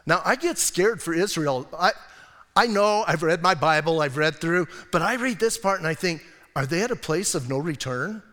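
A man with a high voice preaches a sermon in a reverberant church hall. He reads scripture with animated emphasis, then drops to quiet, hushed asides. The room's long echo trails behind his words. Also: normal speed. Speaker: pastor.

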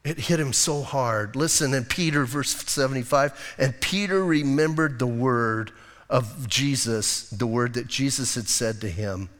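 A male pastor preaching a sermon in a casual, animated style, using slang and acting out the lines of the people in the story. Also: mid-range voice, measured pace, big-room sound. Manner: animated, conversational preaching with slang and acted-out quotes. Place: church sanctuary.

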